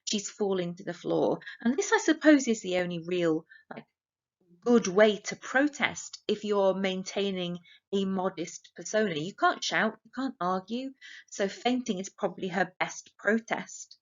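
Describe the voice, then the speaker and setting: A woman's voice: medium pitch, a little slow. English woman teacher explaining a play. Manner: explains steadily, reading quoted lines aloud plainly. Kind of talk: annotating a play for exam revision. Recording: slightly dull lo-fi audio.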